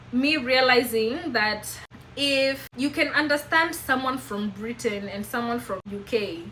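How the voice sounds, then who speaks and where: Kenyan woman vlogger, bright higher voice, candid and animated, faint hiss behind. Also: poor audio. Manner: candid and animated, repeats and restarts phrases. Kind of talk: casual chat to camera.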